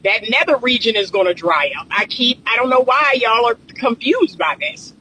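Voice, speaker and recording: High, bright-voiced man giving dating advice. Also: animated, moderate pace, slight background noise, low-quality recording. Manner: chatty, emphatic, repeats points to drive them home. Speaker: relationship coach. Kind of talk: casual talking-head commentary.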